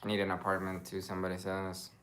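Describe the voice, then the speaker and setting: A man's voice: deep voice, monotone, fast talker, a bit bright. A young man casually chatting on a livestream, rambling and stopping to search for English words. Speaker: streamer.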